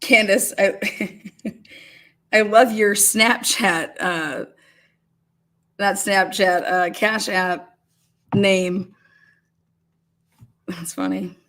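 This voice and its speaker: A woman's voice: medium pitch, steady tone, drawn-out words, long pauses, fairly bright tone. A woman hosting a casual livestream, calling bingo games and reading viewer comments aloud with frequent laughter. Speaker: livestream host.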